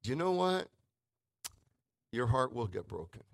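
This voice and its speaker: A man preaching a sermon in a conversational way, with emphatic swings between loud and soft. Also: medium pitch, sing-song, unhurried, gravelly, dry recording, low-quality recording.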